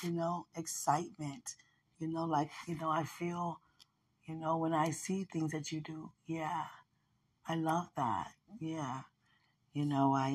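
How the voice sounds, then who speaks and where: A woman with a low, husky, slightly hoarse voice speaks softly and intimately, as if to one loved person. She rambles warmly, leaning on "you know" often, and her soft voice drops into breathy quiet at times. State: a little hoarse.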